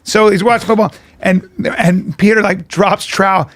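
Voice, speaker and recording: A podcast host in casual chat who tells loose, profane stories. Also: male voice, high voice, moderate pace, no echo, studio quality. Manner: profane, animated storyteller.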